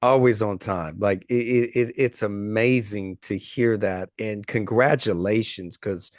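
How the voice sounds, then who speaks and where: A man's voice: fairly low pitch, fairly even intonation, measured pace, no echo, studio quality. A man hosting a casual interview, responding in an enthusiastic, affirming way. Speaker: host.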